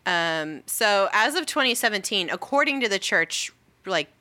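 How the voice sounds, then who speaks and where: A woman's voice: medium pitch, lively intonation, moderate pace, sharp tone. A young woman co-hosting a casual podcast chat, laid-back and filler-heavy, with the odd swear word. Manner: laid-back storytelling, frequent ums and likes, casual swearing. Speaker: podcast co-host.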